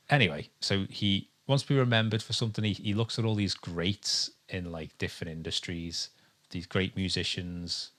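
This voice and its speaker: English man, deep low voice, casual podcast chat, rambling, many ums and restarts. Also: steady tone, moderate pace, fairly bright tone. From England. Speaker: podcast co-host. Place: home with a dog nearby.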